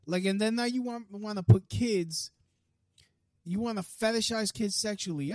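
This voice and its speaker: A young man with a high, slightly mellow voice hosts a podcast, firing off a fast, heated monologue laced with profanity and many restarts. The recording is dry and of studio quality.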